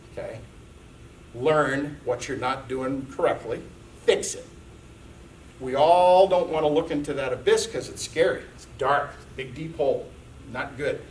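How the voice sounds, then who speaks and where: Man, seminar speaker, conversational storytelling, roomy echo, distant mic, faint background noise. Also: mid-range voice. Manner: conversational, frequent "okay" check-ins. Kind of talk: live seminar talk. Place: seminar room. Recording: echoey room, mic distant.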